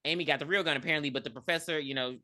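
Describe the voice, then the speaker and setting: A woman co-hosting a podcast, casually recapping a movie, acting out characters' lines in high squeals and swearing freely. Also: very fast, bright, forceful tone. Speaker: podcast co-host. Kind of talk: casual movie review chat.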